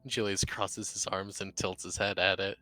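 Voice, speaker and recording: Man, tabletop player, casual narration, low pitch, bright tone. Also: little pitch movement, normal speed. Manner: third-person narration, casual. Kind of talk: narrating his character in a tabletop game.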